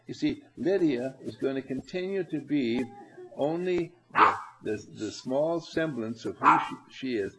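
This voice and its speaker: A man leading a spiritual seminar, coaxing and animated, who addresses his listeners directly and laughs often. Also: medium pitch, a little slow, rough recording. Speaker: seminar leader. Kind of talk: spiritual seminar talk to a group.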